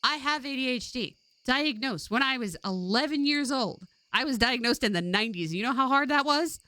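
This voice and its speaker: A woman's voice: sits high, moderate pace, no room sound. A woman in her forties from California, chatting casually and laughing often while streaming a game. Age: 40s. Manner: rambling, laughs often, animated.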